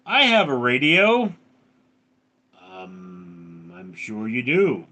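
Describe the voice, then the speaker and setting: A man's voice: medium pitch, big pitch swings, extremely slow, pushed and bright. Round-voiced man chatting on a live stream. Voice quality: round, resonant voice. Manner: reads viewer comments aloud and answers them. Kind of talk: casual live-stream chat.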